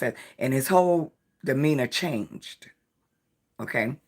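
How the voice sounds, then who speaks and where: Slow-talking tired woman live-streamer. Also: extremely low pitch, animated, a bit bright. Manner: rambling, chatty storytelling, greets viewers by name. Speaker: live-stream host of a jewelry design channel. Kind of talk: casual live-stream chat.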